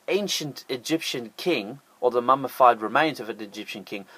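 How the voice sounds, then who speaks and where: A man's voice: fairly high pitch, fairly bright tone, dry recording. Sarcastic Australian man narrating a list. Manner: sarcastic, jokey asides. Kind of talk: scripted top-ten narration.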